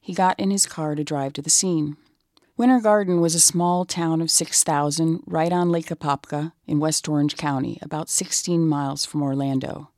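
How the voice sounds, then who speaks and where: A narrator telling a crime story in measured, scripted documentary style. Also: medium pitch, fairly even intonation, darkish tone, no room sound, clean studio sound.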